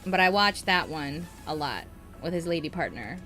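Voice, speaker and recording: A young woman co-hosts a casual podcast, bubbly and quick to giggle. Her pitch swings widely as she talks, and she often trails off mid-thought. Faint music plays behind her. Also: expressive, sharp tone. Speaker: podcast co-host. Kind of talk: casual chat.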